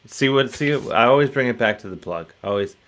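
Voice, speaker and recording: A man's voice: medium pitch, lively intonation, brisk, fairly bright tone. A man hosting a casual talk show, rambling and self-deprecating, often restarting his sentences. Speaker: host.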